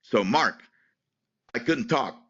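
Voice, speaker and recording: A man speaks slowly in a bright, forceful voice, stopping and starting as he recounts his story, repeating his words. The recording sounds muffled and lo-fi. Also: medium pitch, animated, slightly rough. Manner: halting, repeats words, restarts sentences. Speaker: interviewee, retired Air Force veteran. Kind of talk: emotional personal account in an interview.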